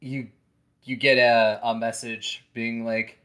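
A game master narrating a tabletop role-playing game. The speech is slow and soft, full of ums and restarts. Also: medium pitch, flat delivery, rough recording. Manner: soft-spoken, hesitant with many fillers.

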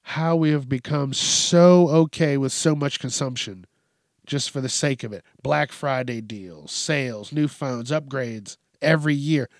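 Gravelly, profane man ranting. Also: measured pace, no echo, clean studio sound. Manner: profane, exasperated, mimics people in high voices. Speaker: podcast host. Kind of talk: casual ranting monologue.

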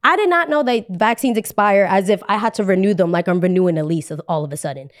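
A woman's voice: medium pitch, fast talker. Chatty young woman telling a story. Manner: animated, chatty, heavy use of "like". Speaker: podcast host. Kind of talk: casual storytelling.

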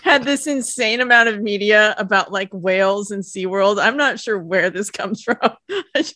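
A woman's voice: mid-range voice, moderate pace, pushed and bright, no echo. A woman co-hosting a podcast, chatting casually and giggly about an episode. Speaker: podcast co-host. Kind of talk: casual chat.

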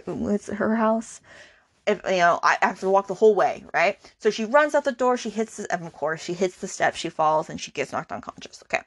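A woman's voice: medium pitch, expressive, moderate pace, no room sound, studio quality. A woman hosting a book podcast, recapping a romance novel in a chatty, indignant way full of fillers. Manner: chatty, many "like"s, indignant asides.

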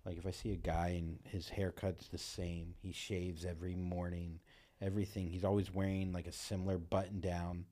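Low-voiced laid-back man chatting. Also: flat delivery, normal speed, dark tone. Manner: laid-back, rambling, jokey. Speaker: podcast co-host. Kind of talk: casual chat.

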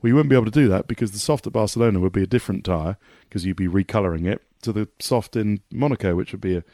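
A man talking as a motorsport pundit guest in a casual podcast conversation, animated and rambling, with many restarts. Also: fairly low pitch, racing, no room sound, studio quality.

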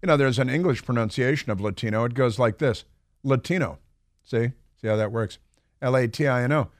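A man's voice: mid-range voice, a little fast, no room sound. A man hosting a talk radio show, delivering a sarcastic, mocking opinion monologue into a studio microphone.

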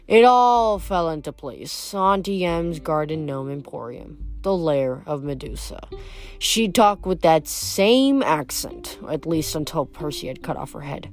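A woman reading a novel aloud and stopping for casual, musing asides between chapters. Her voice sits a little low and she talks in halting, chatty bursts. Faint music plays softly behind her. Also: expressive. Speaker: reader. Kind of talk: casual book reading with commentary.

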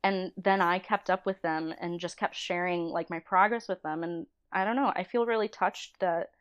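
A woman's voice: lowish voice, moderate pace, clear, resonant tone, highs cut off. A woman in her thirties, a storyboard artist, chatting casually as an interview guest and telling stories with lots of laughter and acted-out quotes. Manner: animated storyteller, laughs often, acts out quoted voices. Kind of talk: casual chat.

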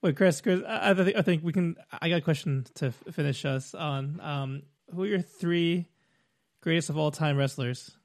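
A man hosts a casual podcast in a friendly, easygoing voice that sits a little high. He laughs easily, thanks his guest warmly, and runs through the show plugs. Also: normal speed. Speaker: podcast host. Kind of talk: casual podcast interview and outro.

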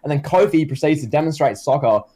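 A man's voice: on the high side, lively intonation, fast, dark tone. A man co-hosting a casual comedy podcast. He rambles and jokes, with lots of fillers. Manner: rambling, filler-heavy, joking. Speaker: podcast co-host.

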